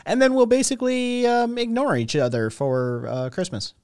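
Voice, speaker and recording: A man's voice: extremely high pitch, normal speed, darkish tone, clear, resonant tone, no echo, clean studio sound. A man co-hosting a casual livestream chat, sarcastic and profane, reading chat messages aloud. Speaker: co-host.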